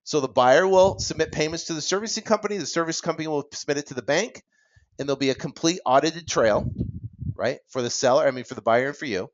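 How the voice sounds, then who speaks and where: A man teaching real estate investing in an energetic, worked-up way, acting out talks with sellers and tossing in "right?" asides. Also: a little high, highs cut off. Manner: fast, animated, acts out seller dialogue, many "right?" asides.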